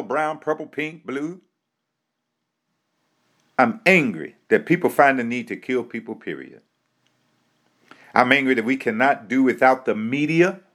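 Slow, deliberate man preaching with fervor. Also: mid-range voice, fairly bright tone. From United States. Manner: repeats a refrain, rhetorical questions, deliberate emphatic delivery. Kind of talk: impassioned speech, sermon-like.

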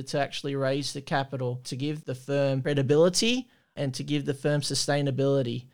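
A man from Australia hosting a podcast, speaking in a measured, thoughtful way and putting questions to his co-host. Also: mid-range voice, smooth. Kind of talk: casual conversational commentary.

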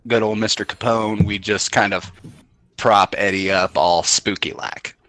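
A man's voice: on the low side, fairly even intonation, unhurried, fairly bright tone, no room sound. A man playing a tabletop game, talking in a laid-back, joking way. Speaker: player. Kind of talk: casual tabletop play.

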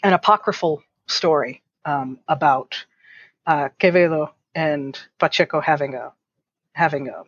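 A woman chatting as an interview guest, wry and animated, often restarting her phrases. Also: low voice, unhurried, husky, dry recording, highs cut off. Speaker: guest, fencing instructor and writer. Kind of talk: casual interview chat.

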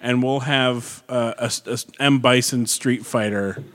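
A man's voice: mid-range voice, fairly even intonation, unhurried, a bit bright. A man co-hosting a podcast in casual chat, blunt and profane, with many fillers and restarts. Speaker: podcast co-host.

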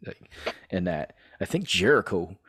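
A man with a lowish voice chats on a podcast, hesitating and restarting as he talks. His pitch moves around a lot, and the sound is dry and close. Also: expressive, unhurried, a bit bright, husky, no echo. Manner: hesitant, with jokey mock announcements. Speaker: podcast co-host. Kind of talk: casual chat.

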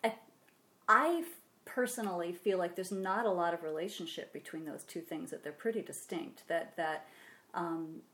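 A woman interviewing an actor, asking thoughtful questions in a chatty, relaxed way. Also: on the low side, normal speed. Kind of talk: conversational interview. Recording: echoey room.

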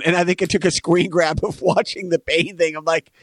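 A man's voice: fairly high pitch, fairly even intonation, brisk, no echo, clean studio sound. A man co-hosting a podcast in casual chat, rambling, repeating words and laughing often. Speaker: podcast co-host.

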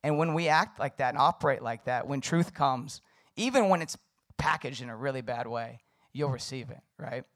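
Young male pastor, casual conversational sermon, relaxed and filler-heavy. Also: medium pitch, moderate pace.

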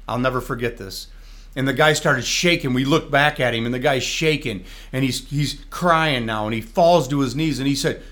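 Man, reverend, from Michigan, testimony, animated storyteller, faith talk show. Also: medium pitch, fairly quick. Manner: animated storyteller, speaking in tongues. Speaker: reverend and guest.

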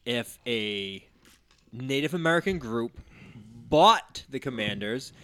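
A man's voice: mid-range voice, animated, slow pace, bright, forceful tone, smooth. A man in casual podcast chat who keeps asking questions and dropping wry asides.

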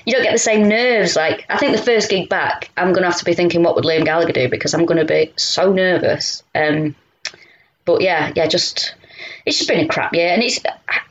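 Mancunian woman in her thirties, a comedian guest, talkative and full of restarts, low voice on dull lo-fi audio. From Manchester, England. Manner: chatty storyteller, many fillers and restarts. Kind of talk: casual interview chat.

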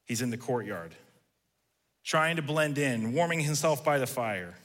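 A man's voice: medium pitch, animated, a little slow, fairly bright tone. A man preaching a sermon in a conversational way, acting out the quoted lines as he tells the story. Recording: reverberant hall.

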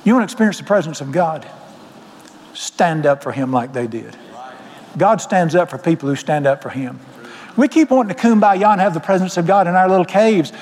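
A man's voice: on the high side, lively intonation, a little fast, darkish tone. A man with a Southern US accent, preaching a sermon as pastor with folksy, emphatic storytelling in a church sanctuary. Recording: long reverb of a large hall.

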